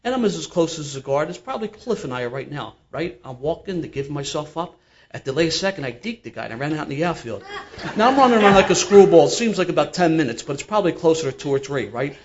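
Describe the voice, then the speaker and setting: A man's voice: fairly high pitch, quick pace, dull audio. Older Philly man spinning a yarn. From Philadelphia. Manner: animated, laughing through his own tale. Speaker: storyteller guest. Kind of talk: casual storytelling.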